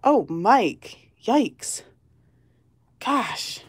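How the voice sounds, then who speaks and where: A woman's voice: on the high side, sing-song, extremely slow, breathy edge, dry recording. A woman hosting a lottery-ticket channel, chatting casually and giggling as she calls out numbers one by one. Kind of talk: casual chat while scratching tickets.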